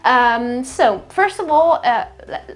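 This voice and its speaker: A woman's voice: high voice, lively intonation. Woman teaching pronunciation at a whiteboard. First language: Italian. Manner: explanatory, repeats words slowly, frequent fillers. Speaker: English teacher. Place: room with a whiteboard.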